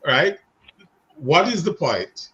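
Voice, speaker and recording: A man's voice: fairly high pitch, very animated, slow pace, a bit bright, dull audio. A man teaching a seminary Bible class in a conversational way, putting questions to students by name.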